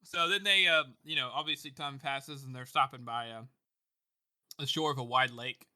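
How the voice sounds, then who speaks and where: A man's voice: mid-range voice, steady tone, normal speed, pushed and bright, no echo, clean studio sound. A man co-hosting a podcast, chatting casually about a book, rambling with lots of fillers and swearing. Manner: rambling with many fillers, swears, laughs often. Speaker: podcast co-host. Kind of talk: casual book discussion chat.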